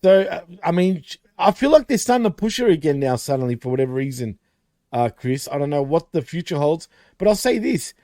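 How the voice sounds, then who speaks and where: A man's voice: a little high, big pitch swings, fairly quick, dark tone, no echo, clean studio sound. A man co-hosting a casual wrestling recap show, laughing often and swearing, calling his co-host dude and bro.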